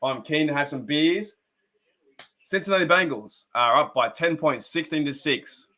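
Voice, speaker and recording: This fairly high, sharp-toned voice moves at a moderate pace and belongs to a young Australian man hosting a casual fan live stream. He comments on a game while chatting in a rambling way with viewers, laughing often and greeting them by name.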